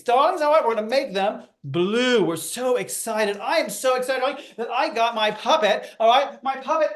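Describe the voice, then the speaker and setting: An older man from Indiana, a drag performer, gives a theatrical, campy rally speech over a video call and calls everyone darling. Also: extremely high pitch.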